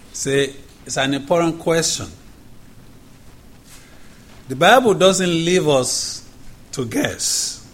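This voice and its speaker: A man, a pastor, leading a prayer and then preaching a sermon in a church, speaking deliberately and repeating questions for emphasis. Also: a little high, sing-song. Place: church sanctuary.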